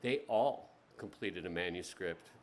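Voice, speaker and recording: A man's voice: sits low, unhurried, very noisy. A man hosting a literary festival, making loose, chatty announcements with frequent ums and restarts before introducing a reader. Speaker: festival host. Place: outdoor tent stage.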